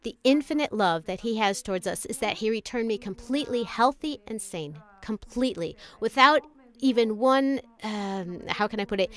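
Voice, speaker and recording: A woman's voice: medium pitch, clean tone. A woman giving a personal religious testimony in an earnest, emotional way, addressing her listeners as brothers and sisters.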